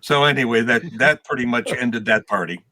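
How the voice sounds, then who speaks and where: A man's voice: medium pitch, a little fast, sharp tone. A man in his sixties, a guest musician, telling stories in a casual interview with a rambling, self-deprecating manner.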